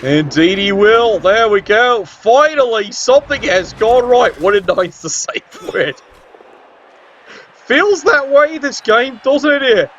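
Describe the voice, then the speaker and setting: A man commentating a game, sarcastic and excitable, swearing often. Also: very high voice, slow pace, muffled recording, slight background noise. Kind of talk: tabletop video game commentary.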